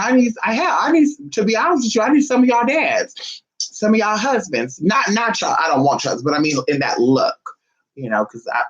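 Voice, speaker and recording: A sassy, chatty woman vlogger talks casually to camera, calling her listeners honey and swinging her voice between high and low. The recording sounds muffled.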